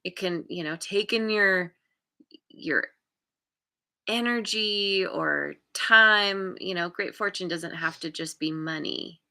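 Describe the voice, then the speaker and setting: A woman reads tarot cards live, talking her way through each card at an unhurried pace. Her voice is bright and a little sharp, and her sentences meander and restart as she hunts for the right words. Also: lowish voice. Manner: meandering, restarts often while searching for words. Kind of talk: live tarot reading, thinking aloud.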